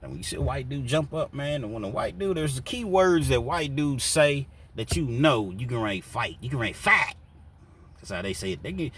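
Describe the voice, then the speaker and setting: A man's voice: mid-range voice, animated, a little fast, a bit bright, breathy edge, distant mic. Man telling a prison story casually. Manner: loose, rambling, fillers like "you know, man". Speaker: storyteller recounting prison life.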